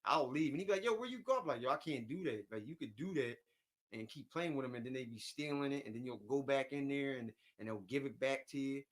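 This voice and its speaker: A man's voice: medium pitch, fast talker. A man hosting a casual livestream, rambling and venting, often repeating himself and reading viewer comments aloud. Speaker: livestream host.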